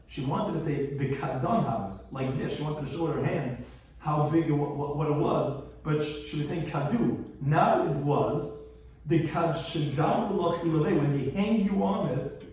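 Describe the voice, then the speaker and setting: A man's voice: a little high, moderate pace, a little mellow. A man gives a Talmud lesson, singing out each Aramaic phrase before translating it and adding a quip. His slightly raised voice carries through a heavily reverberant classroom. The mic sits well back from him. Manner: explains Aramaic phrases line by line, chanting the original then translating, with quips. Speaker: rabbi teaching Talmud. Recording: very echoey room, distant mic.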